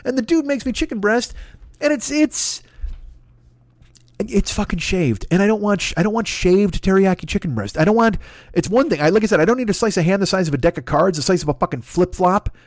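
This is a fairly quick, comedic podcast rant from a male host whose voice sits high and whose intonation stays lively. Exasperated, profane bursts come through his podcast microphone with no room sound.

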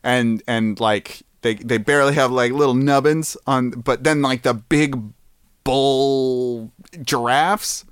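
A man's voice: mid-range voice, fairly even intonation, takes it slowly, smooth, no room sound, studio quality. A man hosting a podcast in casual, joking chat with a friend, laughing often. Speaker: podcast host.

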